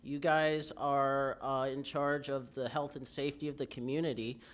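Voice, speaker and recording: A young man speaks at a zoning hearing in a brisk, argumentative way. He piles up rhetorical questions to press his point. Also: medium pitch, flat delivery. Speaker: public commenter. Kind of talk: public comment at a county zoning hearing.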